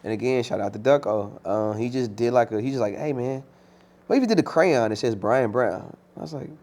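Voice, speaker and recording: A man's voice: mid-range voice, a little fast, darkish tone. Slangy, storytelling man. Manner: loose, slangy storytelling with many fillers. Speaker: musician guest. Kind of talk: casual interview chat.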